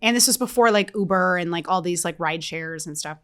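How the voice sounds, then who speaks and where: A woman in her thirties, a podcast co-host, telling a story in casual chat, animated and self-mocking, swearing freely. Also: fairly low pitch, a little fast, clean tone.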